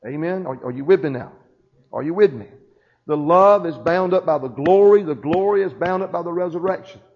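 A man's voice: on the high side, brisk, highs cut off. A man preaching a sermon, building emphasis and calling for responses from the congregation.

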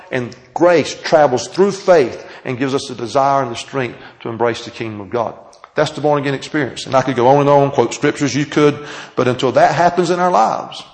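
A man with a gravelly, fry-edged voice delivers a sermon to a class. He draws out key words for emphasis and keeps asking his listeners questions. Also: medium pitch, poor audio. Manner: emphatic, drawn-out phrases, asks the audience questions. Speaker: pastor teaching a Bible class. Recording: taped sermon.

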